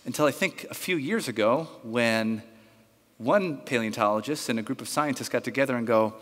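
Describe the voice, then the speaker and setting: A male pastor preaching a sermon, telling a story in an animated way and acting out the voices of its characters. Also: mid-range voice, moderate pace. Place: church sanctuary. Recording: reverberant church hall.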